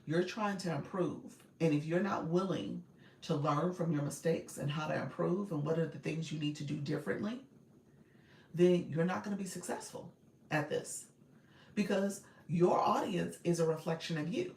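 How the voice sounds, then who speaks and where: Gravelly woman coaching live from her car. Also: sits low, moderate pace, darkish tone, echoey room. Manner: chatty, direct, laughs often. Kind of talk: casual livestream coaching. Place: inside a car.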